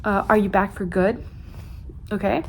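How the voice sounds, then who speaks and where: A woman's voice: medium pitch, steady tone, moderate pace, creaky, darkish tone, a little hiss or hum, natural voice. Woman reading male film director, storybook reading, offhand, chatty, slightly raised. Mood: casual. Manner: casual, chatty questioning. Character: casual middle-aged male film director.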